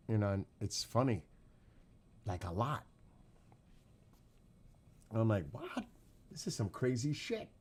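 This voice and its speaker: Casual streamer guy, fairly low voice, swears a lot, loose chatty storytelling. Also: darkish tone. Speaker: livestream host. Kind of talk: casual livestream chat.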